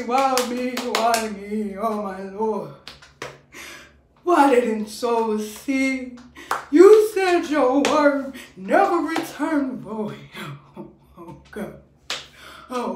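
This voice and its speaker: A woman putting on the voice of a whiny, greedy woman prophet who wails drawn-out complaints about money. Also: on the high side. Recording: echoey room, voice far from mic, faint noise.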